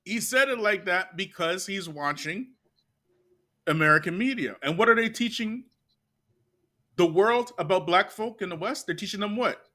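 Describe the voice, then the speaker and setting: A man from Canada hosting a channel, telling stories in an animated, chatty way with "you get me" asides. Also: sits high, normal speed. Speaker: channel host. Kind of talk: casual commentary and storytelling.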